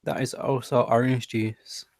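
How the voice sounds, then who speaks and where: Gravelly British man, wry and dry. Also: mid-range voice, little pitch movement, unhurried, darkish tone, no room sound. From Britain. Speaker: hangout participant. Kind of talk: casual chat on an online call.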